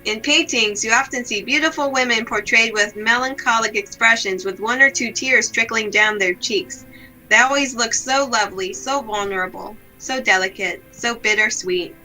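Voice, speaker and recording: A woman reading aloud the lines of a gloomy, self-blaming young woman from a visual novel, in a slow, subdued, melancholy way. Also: fairly high pitch, pushed and bright, soft background music, rough recording.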